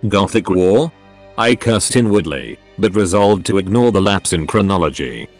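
Brief: computer-voiced male narrator, low pitch, lively contour, steady storybook reading. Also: moderate pace, soft background music.

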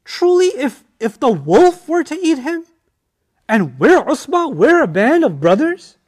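Man voicing scheming brothers, insistent and falsely earnest, pitched high. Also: big pitch swings, unhurried, exaggerated voice. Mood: indignant. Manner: earnest and insistent, protesting innocence. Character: scheming grown brothers pleading with their father.

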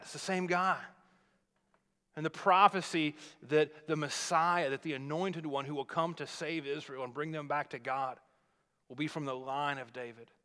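A pastor preaches a sermon, guiding listeners through a scripture story in a relaxed, conversational way. His voice is a little high for a man, and a long reverb from the large church hall surrounds it.

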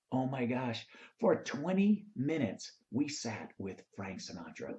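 A male host shares a motivational story with lively rises and falls in his pitch. He slips into the voices of the people in the tale as he goes. The audio sounds dull and slightly lo-fi. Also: unhurried. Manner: animated storyteller, acts out quoted lines.

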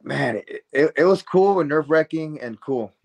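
A man telling stories as a guest in a casual interview, excitable and rambling, full of "man" and "dude". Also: on the high side, moderate pace, vocal fry. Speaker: guest, professional wrestler.

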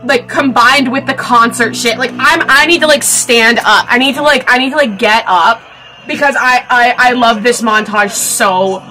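A woman in her twenties giving a casual movie reaction, gushing and excitable, swearing freely and breaking into shrieks and laughter. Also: fairly high pitch, moderate pace, rough recording. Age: 20s. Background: film soundtrack music.

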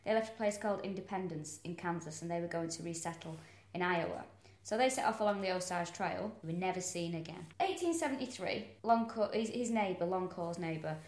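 A woman's voice: on the low side, darkish tone. A woman comedian co-hosting a true-crime podcast, telling the case step by step with wry remarks. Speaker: comedian co-host. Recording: roomy echo.

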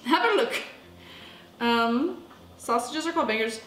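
A woman's voice: on the high side, animated, measured pace, reverberant, noisy background. A woman from the United States, chatty and goofy, talking to herself while she cooks in her home kitchen for a vlog. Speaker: vlogger. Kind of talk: casual cooking vlog.

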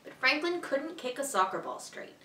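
A woman teacher reading a children's picture book aloud in a clear, expressive, evenly paced way. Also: high voice, normal speed, distant mic. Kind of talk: storybook read-aloud for children. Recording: echoey room, voice a bit off-mic.

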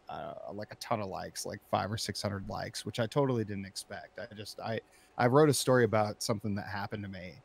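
Low-voiced man telling a heated story. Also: gravelly. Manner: animated, profane, rising to shouting when recounting anger. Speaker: storyteller in interview. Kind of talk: casual conversational storytelling.

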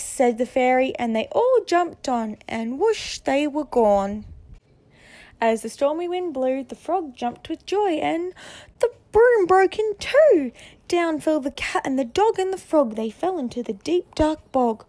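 A woman reading a picture book aloud, with expressive storytelling. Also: sits high, a little slow. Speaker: narrator.

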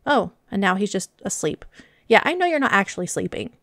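A woman's voice: mid-range voice, fast talker, no echo. Gushing young woman narrating gameplay. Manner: gushing, excitable, talks to her animals. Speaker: gaming channel host. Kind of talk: casual gameplay commentary. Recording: dry close mic with faint music.

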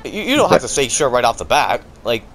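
A man bantering with friends over voice chat while gaming, animated and jokey. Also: medium pitch, slight background noise. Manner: animated, jokey, quick to laugh and exclaim. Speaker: gamer. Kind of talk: casual chat over game voice chat.

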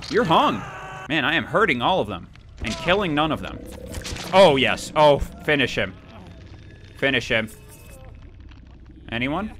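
Young male let's-player, bright and animated, gleefully taunting and yelling. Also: fairly high pitch. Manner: playful taunting, excitable outbursts. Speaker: gaming YouTuber. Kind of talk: let's play commentary.

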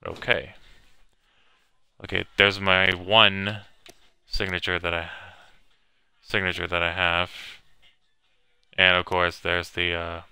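Low, gravelly-voiced gamer man. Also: level tone, slow, pauses often, sharp tone, no room sound. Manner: hesitant, many fillers, reads on-screen text aloud. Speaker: gamer playing a video game. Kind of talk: casual let's-play commentary.

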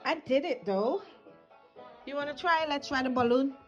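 A woman's voice: high-pitched, moderate pace. A woman, the mother, talking to her baby son in a sing-song, playful way with laughs, home-video style. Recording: slightly dull with music behind.

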